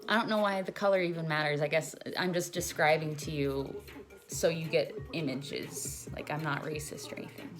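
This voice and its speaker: A woman's voice: low voice, fairly even intonation, normal speed. A young woman in her twenties telling a long, rambling personal story in a casual vlog, full of "like" fillers. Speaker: vlogger. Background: music.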